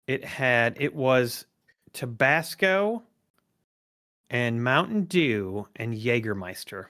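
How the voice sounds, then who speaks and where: A man's voice: medium pitch, takes it slowly, a bit bright. A man playing a tabletop game, wry and swearing casually as he chats. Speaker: player.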